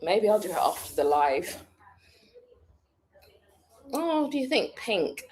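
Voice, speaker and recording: A woman's voice: mid-range voice, very animated, slow pace, darkish tone. A British woman in casual chat, answering viewers' questions with frequent laughs as she thinks aloud. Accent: British English. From United Kingdom. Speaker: vlogger answering a live chat.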